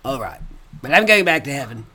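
A man's voice: medium pitch, sing-song, brisk, bright, forceful tone, husky, full character voice. A man putting on the ghost of an aging rock star from Liverpool, with a nasal Liverpool accent and an earnest, rambling manner. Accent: put-on Liverpool accent. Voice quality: nasal, drifting toward an old posh actor.

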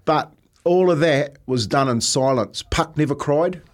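A man's voice: fairly high pitch, unhurried. A New Zealand man in his fifties, a radio co-host, talking in a reflective, storytelling way and often saying mate. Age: 50s. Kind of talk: casual radio chat. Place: radio studio.

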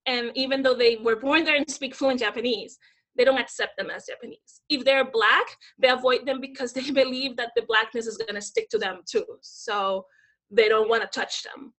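Bright high-voiced hyper woman. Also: moderate pace. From Dominican Republic. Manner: hyper, animated, acts out quoted voices. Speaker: guest. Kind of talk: casual interview storytelling.

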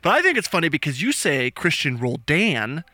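A man co-hosting a sports podcast in casual chat, animated, often laughing and mimicking announcers. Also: a little high, moderate pace, dry recording, studio quality. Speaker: podcast co-host.

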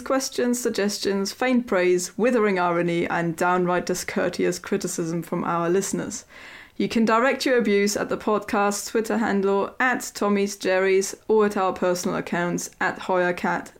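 A woman's voice: mid-range voice, steady tone, normal speed. A woman co-hosting a podcast, reading wry, ironic scripted links and welcoming a guest. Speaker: podcast co-host.

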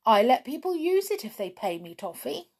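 A woman's voice: on the high side, very animated, moderate pace, husky, pitched above the performer's own voice, full character voice. A woman voicing a grumpy, demanding male tree dweller in a storybook reading. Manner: loud, abrupt.

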